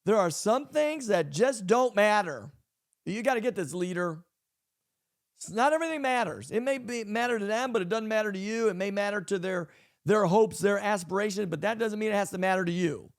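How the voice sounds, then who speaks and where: A man's voice: high-pitched, expressive, brisk. A man, a pastor hosting a podcast, giving a casual leadership talk and repeating his key points for emphasis.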